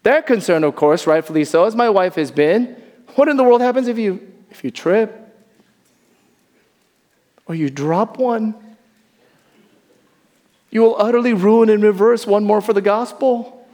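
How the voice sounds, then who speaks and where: High-voiced man preaching in a reverberant hall. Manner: animated preaching, slowing to soft emphasis. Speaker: pastor. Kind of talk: sermon. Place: church sanctuary.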